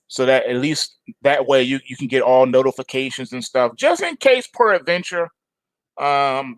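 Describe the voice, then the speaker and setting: A man's voice: smooth, no room sound. A man hosting a live trading stream, talking casually and joking with his chat. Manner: playful, jokey, swings into high mock-whiny bits. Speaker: trading show host.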